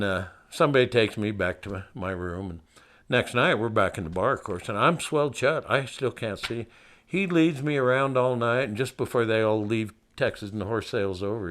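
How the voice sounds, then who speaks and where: A man's voice: fairly low pitch, fairly bright tone. An older man from Montana telling a personal story in a folksy, wry way, laughing at himself.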